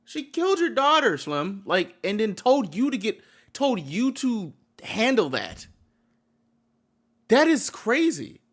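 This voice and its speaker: A man's voice: high-pitched, sing-song, takes it slowly. A man giving heated reaction commentary on a video, blunt and slangy, swearing and repeating himself.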